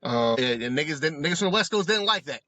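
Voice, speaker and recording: A man co-hosting a comedy podcast, talking in an animated, profane, joking way. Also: a little high, fast, no echo. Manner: animated, profane, joking, does mock voices in asides. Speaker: podcast co-host. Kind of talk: casual comedic commentary. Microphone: remote recording, close mic.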